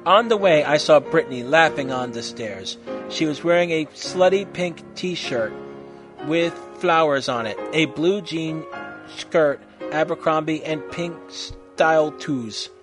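A man reads a story aloud in a mock-serious, expressive style. His voice is fairly high, and faint music plays underneath. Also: a little slow. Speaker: reader. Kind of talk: dramatic reading of a story.

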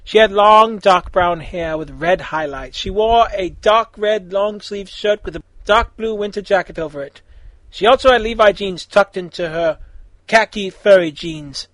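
A man's voice: high voice, measured pace, fairly bright tone, no room sound, poor audio. A man reading fan fiction aloud, with casual, chatty asides.

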